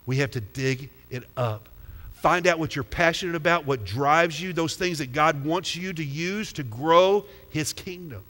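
Pastor, male, easy talking preacher who quizzes his flock; voice sits a bit high, big reverberant church sound. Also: a little slow, a bit bright. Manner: conversational preaching, asks the crowd questions. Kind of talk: sermon. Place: church sanctuary. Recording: long hall reverb.

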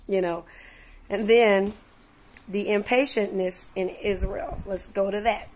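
A woman vlogging in a casual, chatty way, full of "you know" and "like", who acts out conversations with lively voices. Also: mid-range voice, slow pace. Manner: animated, acts out dialogue in voices. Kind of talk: casual storytelling vlog.

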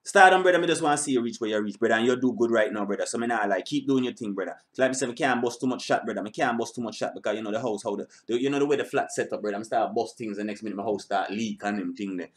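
A man's voice: lowish voice, very fast, hardly any pauses. A man hosting a reaction channel, speaking in casual, rambling commentary. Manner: animated shout-outs, rambling asides.

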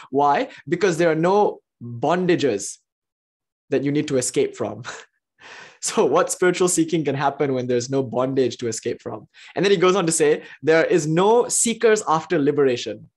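A spiritual teacher giving a philosophy lecture, telling stories with frequent laughs and swinging between excited exclamations and hushed asides. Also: mid-range voice. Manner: animated, enthusiastic storytelling with frequent laughs.

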